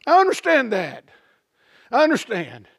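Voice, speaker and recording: God, booming fatherly welcome, high gravelly voice, dry sound, a preacher acting him out. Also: big pitch swings, a little slow, no echo, exaggerated voice. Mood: tender. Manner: booming, shouting reassurance.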